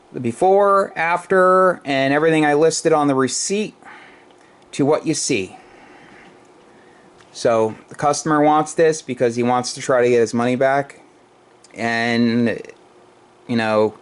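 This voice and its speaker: A tired amp repair technician talking casually in his workshop as he tests gear, rambling with restarts. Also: medium pitch. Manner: rambling, restarts, talks while testing gear.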